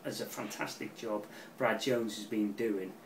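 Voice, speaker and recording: A middle-aged man giving a casual, rambling football match preview, excitable and swearing freely. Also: fairly low pitch, unhurried, far from the mic, background noise. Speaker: football fan channel pundit. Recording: roomy, off-mic with faint ambience.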